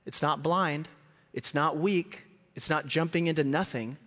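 A man preaching a sermon in a church, telling stories animatedly and jumping into high voices to act out scenes. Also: measured pace, big-room sound. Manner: animated, jumps into high squeals when acting out scenes. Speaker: guest preacher. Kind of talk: sermon with storytelling.

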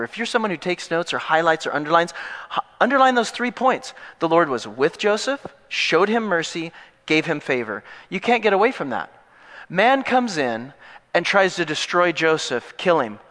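A male pastor giving an animated, emphatic sermon that mixes in jokes. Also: a little high, normal speed. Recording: long echo in a large hall.

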